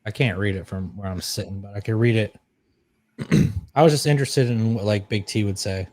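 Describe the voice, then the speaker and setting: A man co-hosting a casual podcast, posing questions with halting restarts. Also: on the low side, darkish tone, no echo. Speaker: podcast co-host. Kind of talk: casual chat.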